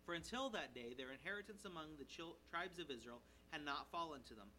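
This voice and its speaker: A male pastor preaching an expository sermon in a conversational, animated way, checking in with his listeners and briefly acting out the characters' lines. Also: on the high side, rough recording. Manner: animated, voices the characters' lines in quick asides. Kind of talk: sermon, expository Bible teaching.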